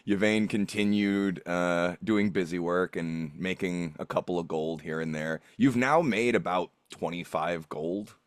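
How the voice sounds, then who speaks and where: A man running a tabletop game, recapping the last session in a casual, animated way and laughing often. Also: low-pitched, a little slow, no echo. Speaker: game master.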